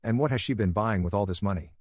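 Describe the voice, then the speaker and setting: A man's voice: on the low side, fast talker, no echo, studio quality, natural voice. A man reading a stern angry father. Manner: presses with sharp questions. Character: stern middle-aged father, angry and firm.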